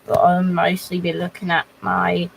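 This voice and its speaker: A young woman chatting casually on a live stream, rambling and halting as she talks to her chat from a home computer setup. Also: on the low side, completely flat delivery, creaky, noisy background.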